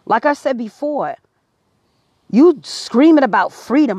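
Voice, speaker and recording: A woman's voice: high voice, expressive, measured pace, a little mellow, dry recording. A woman speaking to camera, earnest and preachy, her voice rising to emphatic peaks. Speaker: vlogger. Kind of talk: impassioned personal commentary.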